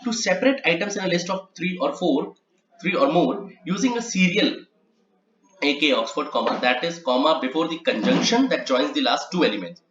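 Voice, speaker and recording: A man's voice: fairly high pitch, lively intonation, moderate pace, a bit bright, a little hiss or hum. Man teaching in an echoey room. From India. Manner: explanatory, repeats and spells out examples. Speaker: transcription trainer. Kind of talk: instructional lecture. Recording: echoey, slightly muffled room recording.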